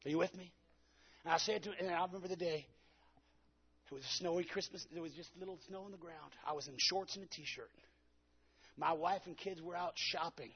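A man's voice: on the high side, fairly quick, breathy edge, muffled recording. A man preaching a sermon, telling a personal story with dramatic delivery and acted-out quotes. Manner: dramatic storytelling, acting out his own quotes.

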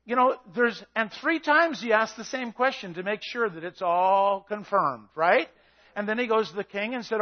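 A man preaches with fiery intensity, his voice sitting high for a man. He shouts his points and acts out the story's characters as he goes. The recording sounds dull and slightly lo-fi. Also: animated, normal speed. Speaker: pastor. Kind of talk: sermon.

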